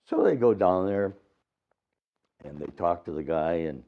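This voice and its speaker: A man giving a dharma talk at a temple, retelling a story with lively acted-out voices. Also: low voice, measured pace, long pauses. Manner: animated retelling, acts out voices. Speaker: Buddhist teacher. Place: temple hall. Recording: dull lo-fi recording.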